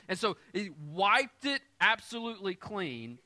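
A man's voice: sits high, big pitch swings, a little fast, hardly any pauses, bright, forceful tone. A man preaching a sermon as pastor, explaining scripture in everyday terms with light humor and often checking in with his listeners. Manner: conversational preaching with frequent audience check-ins.

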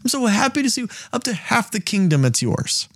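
Man putting on a gushing king, high and breathless, overeager. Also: sing-song, a little fast, fairly bright tone, dry recording, studio quality, exaggerated voice. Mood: giddy gushing. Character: giddy lovestruck ancient king, man.

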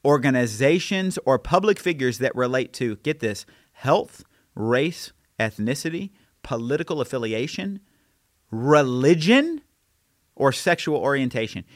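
A pastor preaching an impassioned sermon, building intensity through repeated challenges. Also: male voice, mid-range voice, sing-song, unhurried, dry recording, clean studio sound.

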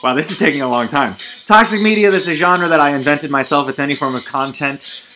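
A man hosting a solo comedy podcast, rambling and self-deprecating, weary and feeling low, swinging between loud outbursts and mumbling. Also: fairly quick, faint music behind. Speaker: podcast host.

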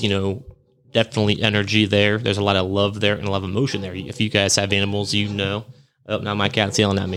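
In a lowish, somewhat bright voice, a man who hosts a podcast rambles through a ghost story from his own life, stopping to correct himself and laughing at himself as he goes, in a relaxed storytelling monologue.

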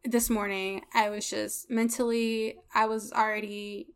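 A woman's voice: mid-range voice, little pitch movement, a little slow, smooth. A woman hosting a solo podcast, talking candidly and emotionally, swearing often and filling her speech with "like". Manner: frank and heavily profane, frequent "like" fillers; emotional and confessional, venting frustration. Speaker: podcast host.

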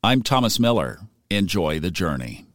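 Calm male podcast host, dry sound. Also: low-pitched, normal speed, no room sound. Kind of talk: podcast outro.

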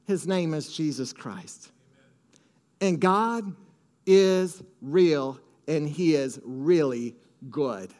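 A man's voice: fairly high pitch, lively intonation, extremely slow, a little mellow. A man preaching a sermon with strong emphasis, leading the congregation to repeat phrases after him. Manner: emphatic, leads congregation in call-and-response.

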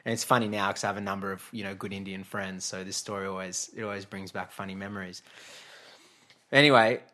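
Male guest, 30s, lowish voice, chatty storyteller with lots of ums and restarts. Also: fairly even intonation, fast talker, pushed and bright. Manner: chatty, laughing, frequent fillers and restarts. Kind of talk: casual storytelling interview.

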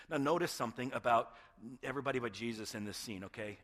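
A man's voice: medium pitch, fairly quick, a bit bright. A male pastor preaching a sermon with passion, often repeating words and dropping to a near-whisper at emotional points.

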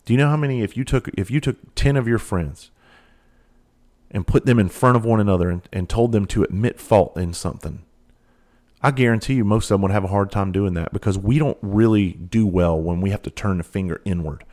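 A man's voice: on the low side, brisk, darkish tone. A man speaking in a candid monologue, earnest and blunt, with casual cursing and repeated phrases. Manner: earnest, heartfelt storytelling. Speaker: trainer for first responders.

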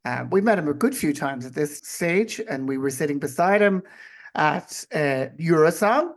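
A man's voice: a little high, animated, moderate pace. Guy cohost, jokey and mock-formal, just chatting. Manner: teasing, mock-formal interjections. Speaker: podcast co-host. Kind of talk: casual chat.

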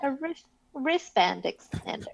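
A woman's voice: high-pitched, sing-song, unhurried, gravelly. A woman playing a tabletop game in character, rambling with many fillers. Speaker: player. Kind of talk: casual tabletop role-play. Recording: dull, dry lo-fi mic.

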